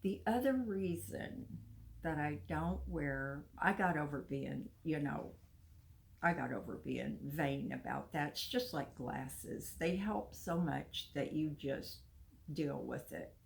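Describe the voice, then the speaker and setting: A woman's voice: deep voice, takes it slowly, gravelly. A chatty older woman, talking casually to her viewers and laughing now and then. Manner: chatty, confiding, laughs often. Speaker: vlogger. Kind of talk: casual talk to camera.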